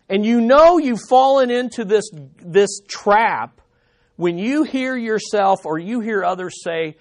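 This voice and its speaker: A man's voice: high voice, expressive, slow pace. A male preacher delivering a sermon, emphatic and driving home his points with repeated rhetorical questions.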